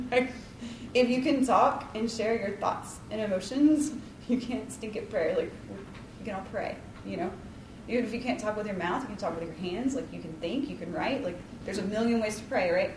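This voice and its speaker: A woman's voice: mid-range voice, moderate pace, noisy background. A woman leading a casual devotional talk, chatty and rambling, with lots of likes and ums and a self-deprecating tone. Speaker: Bible study leader. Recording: roomy, distant mic, faint ambience.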